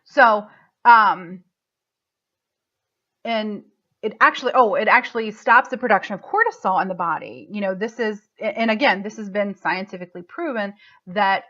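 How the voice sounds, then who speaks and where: A woman coach delivers an emotional, affirming motivational talk and gets choked up as she goes. Her mid-range, fairly bright voice moves at a normal speed, captured in a muffled lo-fi recording.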